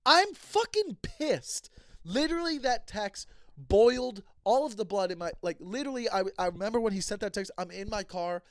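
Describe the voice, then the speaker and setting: High-pitched guy ranting and swearing on his podcast, dry close sound, plays both sides of the convo. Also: a little fast, a little mellow, dry recording. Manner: heated, ranting, profane; acts out both sides of conversations. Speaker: comedian and podcast host. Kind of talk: casual storytelling monologue.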